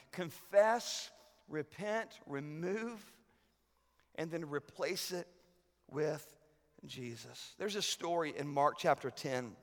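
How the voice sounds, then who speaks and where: A male pastor preaching a sermon, swinging from loud urgent peaks to hushed lows. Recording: long reverb of a large hall.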